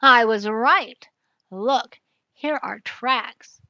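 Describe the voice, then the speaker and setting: Grandma doing a confident storybook detective, slow and bright. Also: female voice, on the high side, no room sound, lo-fi sound, exaggerated voice. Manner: confident, explaining. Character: boastful clever elephant detective, male.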